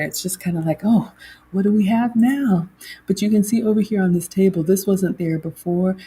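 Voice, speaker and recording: A woman's voice: on the low side, warm tone, husky. A middle-aged woman hosts a chatty livestream and reads viewer comments aloud. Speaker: host. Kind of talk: casual livestream chat.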